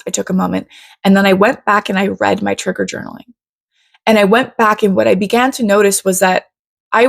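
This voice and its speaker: This self-development coach gives a casual lesson in a creaky mid-range voice, recorded clean in a studio with no room sound. Chatty and blunt, she keeps checking in with her audience, dropping "right?" and "you guys" often.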